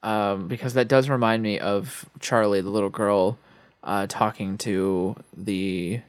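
A man co-hosting a podcast, casually retelling movie scenes with halting, stammering delivery. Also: on the low side, steady tone, no room sound. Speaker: podcast co-host.

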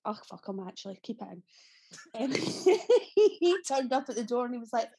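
This Scottish woman in her thirties, an actress with a Glaswegian accent, shares stories as a podcast guest in a casual, chatty way, laughing a lot and swearing without restraint. She speaks at normal speed in a high, darkish voice with lively intonation.

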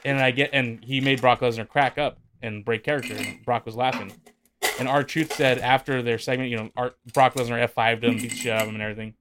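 Male podcast co-host, mid-pitched, lively anecdote teller acting out quotes. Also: fairly quick, noisy background. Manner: animated storyteller, acts out quotes. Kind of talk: casual chat.

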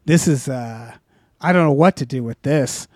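A man voicing a baffled male helicopter pilot in a comic improvised story, flustered and deadpan. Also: mid-range voice, moderate pace, dry recording, studio quality, natural voice.

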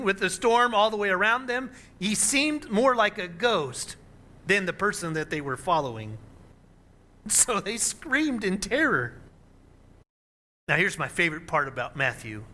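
A male pastor delivering a sermon in a high, very bright voice. His pitch swings widely as he reads scripture, leaning hard into the dramatic moments.

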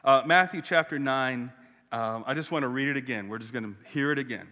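Bright-voiced preacher in a reverberant hall. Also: male voice, mid-range voice, a little fast. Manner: storytelling, animated, with restarts. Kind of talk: sermon.

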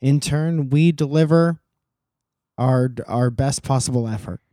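A man's voice: medium pitch, warm tone, no echo, clean studio sound. A man co-hosting a podcast, chatting casually and joking around playfully. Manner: joking, playful, drawn-out asides. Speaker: podcast co-host. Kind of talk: casual chat.

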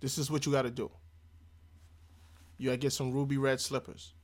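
A man's voice: medium pitch, little pitch movement, fairly quick. A man who is a guest comedian on a podcast, chatting casually and throwing in playful jokes. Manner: joking, playful asides.

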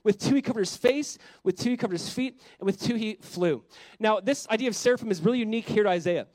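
A male pastor preaching a sermon in an animated way, asking the congregation questions and dropping to a soft voice on quiet points. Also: high-pitched, fast, no room sound. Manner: drops to a soft, quiet voice on reflective lines.

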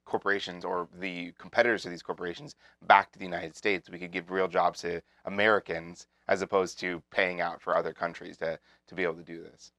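A man co-hosting a podcast panel, earnestly arguing his opinion with halting restarts. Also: low voice, flat delivery, sharp tone, dry recording, studio quality. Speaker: podcast co-host.

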